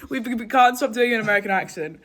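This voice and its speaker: Holding her phone camera indoors at a hotel and pool during a competition, a young swimmer chats in a giggly, hyper, casual way. Her voice is fairly high and bright, and she speaks quickly amid background noise and ambience.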